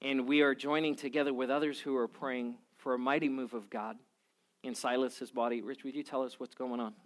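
A man preaching as a pastor, moving from quiet prayer to lively, animated storytelling. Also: medium pitch, brisk. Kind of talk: sermon.

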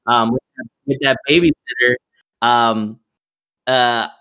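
A man's voice: medium pitch, fairly even intonation, slow pace, sharp tone, poor audio. A young man hosting a casual podcast over a voice call, telling a story with plenty of laughter and swearing. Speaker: podcast host. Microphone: remote call mic.

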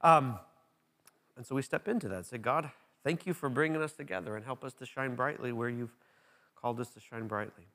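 A man's voice: mid-range voice, a little fast, fairly bright tone. A man preaching a conversational sermon as pastor, with frequent fillers and restarts.

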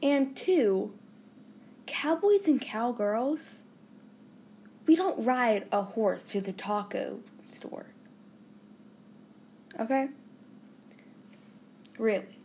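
A woman's voice: a little high, vocal fry, a little mellow, a little hiss or hum. A young woman from the Southern US with a Southern accent, hosting her own podcast in a bubbly, rambling, joking way. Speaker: podcast host. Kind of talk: casual chatty podcast monologue.

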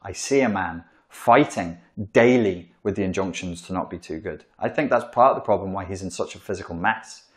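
Blunt, low-voiced male lecturer. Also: brisk, few pauses. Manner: blunt and profane, acts out quoted voices. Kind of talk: informal psychology lecture.

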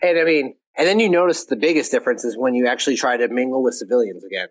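A man's voice: medium pitch, fast. A man in his thirties, a podcast guest, telling crude stories and giggling. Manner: storytelling with crude jokes, giggly. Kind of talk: casual chat.

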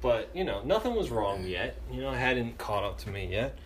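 Animated young man telling a story. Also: medium pitch, normal speed, slight background noise. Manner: animated, acts out the voices of friends with loud outbursts. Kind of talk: casual storytelling chat.

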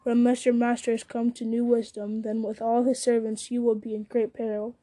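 A woman reading aloud, voicing a stern, steady old male wizard. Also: on the high side, brisk, natural voice.

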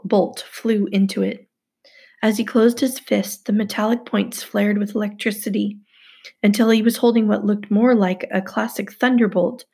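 A woman reading a first-person novel aloud in a steady storytelling manner. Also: medium pitch, creaky, husky. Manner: steady storytelling, hushed asides. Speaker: audiobook narrator.

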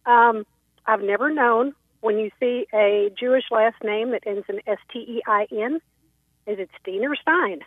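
A woman's voice: on the high side, fairly even intonation, moderate pace, no echo. Polite woman calling in over a phone line. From Texas. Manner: polite, slightly hesitant, many ums. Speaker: caller. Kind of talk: call-in radio conversation.

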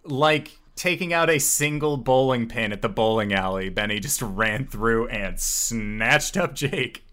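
A man's voice: medium pitch, a little slow. Laid-back man running a tabletop game. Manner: relaxed, filler-heavy narration. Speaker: game master.

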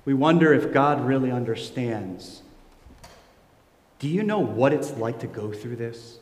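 A man's voice: expressive, unhurried. Man in his forties preaching in an echoey hall. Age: 40s. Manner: wide swings from soft low asides to loud, high emotional peaks. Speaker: pastor. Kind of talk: sermon. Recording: echoey hall with long reverb.

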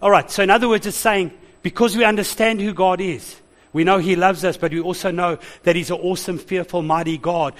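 With a voice that sits high, a male pastor preaches a sermon animatedly, laughing and calling out to his congregation.

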